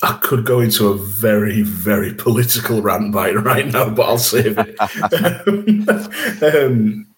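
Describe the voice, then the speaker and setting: A man's voice: fairly low pitch, expressive, slow, hardly any pauses. A man with a Yorkshire accent, co-hosting a casual podcast chat, chatty and given to swearing. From England. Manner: chatty, swears, laughs between points. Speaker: podcast co-host.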